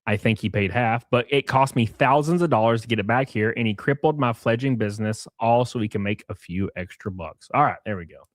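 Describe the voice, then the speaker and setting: A man's voice: medium pitch, brisk, few pauses, no echo, studio quality. A man hosting a livestream, reading messages aloud with sarcastic, profane commentary. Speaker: streamer host.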